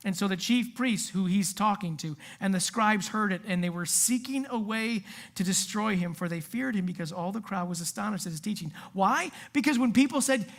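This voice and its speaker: A woman preaching a sermon in a casual, animated way, full of asides and acted-out quotes. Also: mid-range voice, moderate pace. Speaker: youth pastor.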